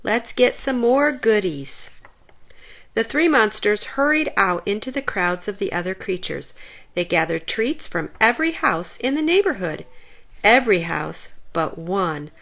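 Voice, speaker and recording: In a mid-range voice with some vocal fry, a woman reads a children's storybook aloud at a normal speed, expressive and animated throughout.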